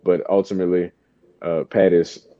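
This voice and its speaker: Man, football player, halting speech, deep voice, muffled recording. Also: little pitch movement, warm tone, no room sound. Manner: halting, many restarts. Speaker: football player in interview clip. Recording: dull clip played on air.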